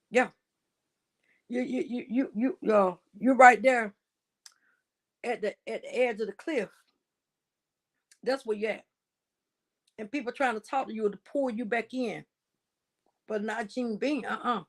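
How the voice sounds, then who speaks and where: A woman hosting a casual gossip livestream, animated and laughing often, with drawling asides to her viewers. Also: fairly high pitch, a little slow, long pauses. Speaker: livestream host.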